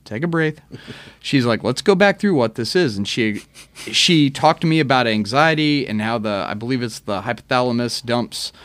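A man, an army veteran and guest on a podcast, telling stories in a casual chat with animated, profane delivery. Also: medium pitch, normal speed, no echo.

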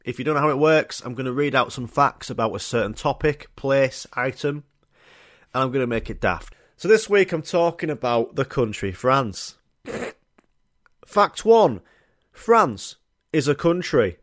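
A man's voice: medium pitch, expressive, unhurried. A young man, telling rambling, sweary, jokey stories on his own podcast. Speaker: podcast host. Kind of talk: casual solo podcast storytelling.

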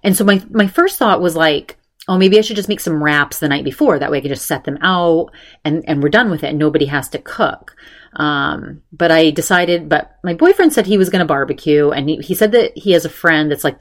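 Middle-aged woman podcast host, lower voice, rambling and animated, acts out the voices of people she quotes. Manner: chatty, animated quoting voices, many fillers. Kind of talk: casual storytelling chat.

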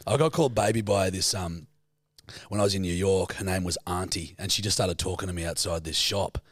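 A man's voice: sits low, a little fast, no room sound. A man co-hosting a casual podcast chat, joking and swearing. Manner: does lively accent impressions, swears casually. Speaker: podcast co-host.

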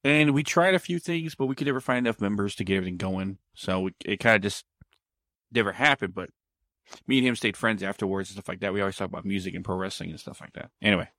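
Man, low voice, dry close sound, casual rambling storytelling, backtracks a lot. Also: fast talker, a bit bright, dry recording.

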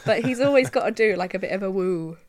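A woman's voice: medium pitch, quick pace. A woman guesting on a podcast, giving blunt, exasperated opinions with occasional giggles. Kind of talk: casual film chat.

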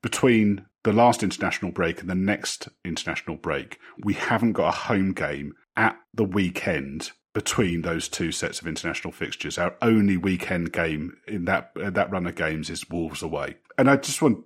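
A man's voice: deep voice, animated, moderate pace, hardly any pauses, breathy edge. A man co-hosting a casual football podcast, rambling with lots of "you know" and restarts. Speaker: podcast co-host.

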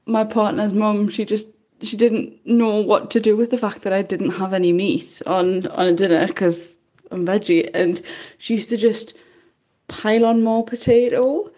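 A woman with a mellow voice leaves a friendly voice message. She tells a short story with easy amusement. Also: medium pitch, steady tone, a little slow. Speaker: first-time caller. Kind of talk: recorded voice message.

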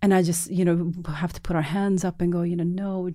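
An earnest woman filmmaker tells her story in a podcast interview, acting out what others said as she goes. Her voice sits a little low and sounds mellow. She often restarts and repeats words mid-sentence. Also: fairly even intonation, fast talker. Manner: earnest, vivid retelling with acted-out quotes. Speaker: documentary filmmaker, podcast guest.

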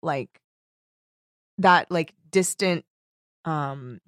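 A woman's voice: low-pitched, extremely slow, no echo, clean studio sound. A woman co-hosting a podcast, chatting casually and enthusiastically with many fillers and giggles. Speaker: podcast co-host. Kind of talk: casual chat.

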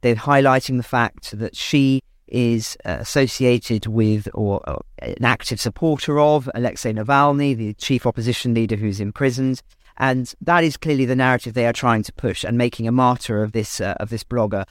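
A man's voice: mid-range voice, moderate pace, dry recording, clean studio sound. A man co-presenting a news podcast, giving analysis with frequent fillers and self-corrections.

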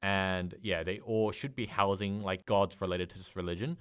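A man's voice: deep voice, steady tone, normal speed, clean tone. A young man co-hosting a podcast, explaining Japanese words in loose casual chat full of "like" fillers. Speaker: podcast co-host.

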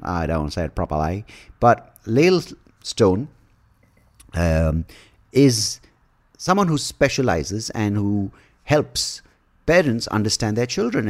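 A man from India hosting a podcast, rambling through crude jokes with swearing and laughter. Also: lowish voice. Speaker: podcast host. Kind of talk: casual podcast chat.

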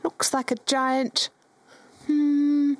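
A woman's voice: sits high, completely flat delivery, very slow, no echo. A woman with a Cockney accent voicing a rogue in a tabletop game, giggly and hesitant. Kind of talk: in-character role-play.

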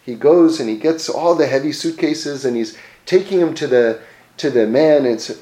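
A man giving a Torah class, telling stories in an animated way with frequent restarts and repeated words. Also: medium pitch, normal speed. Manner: animated storytelling with many restarts. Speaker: Torah teacher. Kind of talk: religious class, story-driven teaching. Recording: echoey room.

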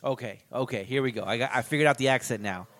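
A man's voice: mid-range voice, quick pace, fairly bright tone. A man casually riffing on a movie as co-host, sarcastic and profane.

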